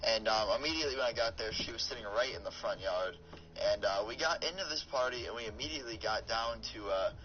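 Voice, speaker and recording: A man's voice: fairly low pitch, fast talker, bright, forceful tone. A young man telling a personal story with lots of fillers and restarts, as a YouTuber over gameplay commentary. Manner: rambling, with many fillers and restarts. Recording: dull lo-fi mic with clear background noise.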